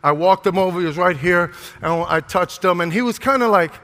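A man's voice: high voice, brisk, fairly bright tone. Older male pastor preaching fervently. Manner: fervent, repeats words, calls for congregation response. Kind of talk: sermon with opening prayer. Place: church sanctuary. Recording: long reverb of a hall.

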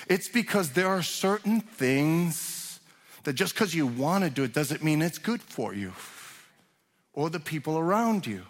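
A male pastor delivers a conversational sermon, often restarting his sentences and then swelling for emphasis. His voice sits a little higher than most men's. The sound carries a long reverb from a large sanctuary. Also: big pitch swings, a little slow. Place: church sanctuary.

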